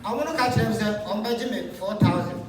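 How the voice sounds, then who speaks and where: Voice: mid-range voice, a little fast, a crowd in the background. A person giving a long first-person account and retelling past talks with quoted dialogue. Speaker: interviewee recounting events. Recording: very echoey room, distant mic, noisy ambience.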